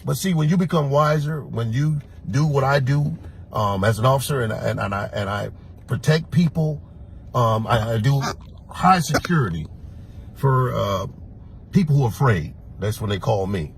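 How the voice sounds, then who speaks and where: A man from Florida who works as a security officer, telling a personal story in an animated, emphatic way and acting out the lines he quotes. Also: medium pitch, normal speed, slight background noise.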